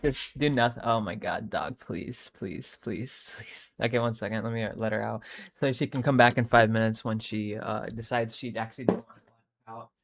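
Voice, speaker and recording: A tired young live streamer reads chat and talks casually to viewers, rambling, swearing freely and repeatedly breaking off mid-sentence to restart. The voice is middling in pitch, level in tone and fairly quick, with a little hiss or hum in the background.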